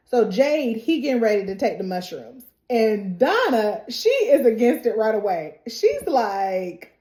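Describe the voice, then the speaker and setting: A TV recap host gives a relaxed, chatty recap and reaction to an episode in a slightly high voice, speaking at a measured pace with few pauses. She stays animated, tossing in sassy asides and laughing often, while the room adds a noticeable echo.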